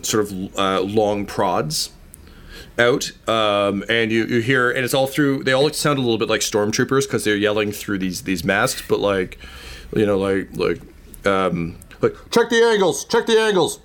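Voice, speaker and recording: A man's voice: on the low side, unhurried, fairly bright tone. A man running a tabletop game as game master, narrating loosely with many ums and likes. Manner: rambling, full of fillers like um and like.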